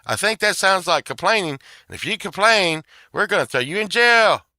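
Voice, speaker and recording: A man putting on a high, sarcastic voice to mock a bossy woman court official. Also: expressive, normal speed, no room sound, full character voice. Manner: sarcastic, loud and sing-song.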